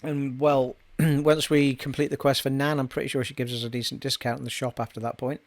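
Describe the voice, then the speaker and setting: A man's voice: medium pitch, little pitch movement, a little fast, no room sound. A man giving casual, joking commentary while he plays a game. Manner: chatty, joking, muttering asides. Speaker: let's play gamer. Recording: game music faint behind.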